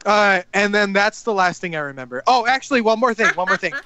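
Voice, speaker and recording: Young guy, high bright voice, laughing through a story on a podcast. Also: fast talker, clear, resonant tone, dry recording. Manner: laughing, animated retelling. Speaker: podcast co-host. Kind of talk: casual storytelling chat.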